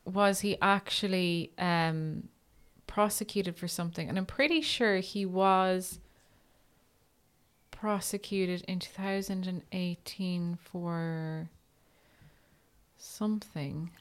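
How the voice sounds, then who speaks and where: A woman's voice: on the low side, steady tone, slow, smooth. A woman co-hosting a podcast, reading facts aloud in bursts between casual chat. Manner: reads facts aloud in bursts, then chats. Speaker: podcast co-host.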